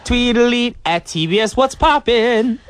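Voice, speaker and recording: A male radio host in a dry, close-miked studio, his pitch jumping around as he banters. He teases his co-hosts and keeps the segments moving in a playful, jokey way. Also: expressive, unhurried, smooth, no room sound.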